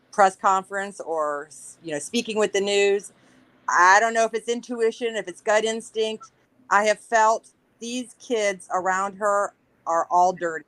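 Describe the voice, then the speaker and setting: A woman's voice: medium pitch, a bit bright, low-quality recording. A woman calling in to a live talk show, speaking in an emotional, rambling and insistent way. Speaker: caller. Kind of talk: casual call-in chat.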